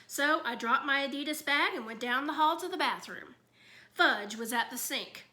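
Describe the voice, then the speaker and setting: A woman reading a children's book aloud in an expressive storytelling manner. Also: sits high, normal speed. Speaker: reader.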